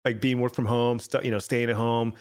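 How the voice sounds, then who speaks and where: A man's voice: mid-range voice, level tone, a little fast, a little mellow, clean tone. A man co-hosting a casual podcast, chatting with enthusiasm and filling his talk with "like". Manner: enthusiastic, chatty, uses many fillers like "like". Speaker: podcast co-host. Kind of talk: casual chat.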